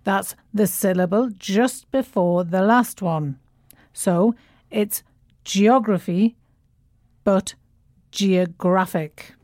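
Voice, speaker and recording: Slow, careful woman teaching. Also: medium pitch, darkish tone, no room sound, clean studio sound. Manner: clear, deliberate explaining, slowing down on key words. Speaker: co-host. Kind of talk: scripted language lesson.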